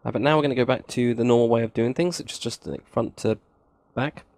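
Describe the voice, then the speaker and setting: Gravelly man counting blocks. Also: medium pitch, fast, darkish tone, no room sound. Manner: counts blocks aloud, chatty asides, self-mocking. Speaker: game tutorial host. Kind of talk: casual screen-recorded building tutorial.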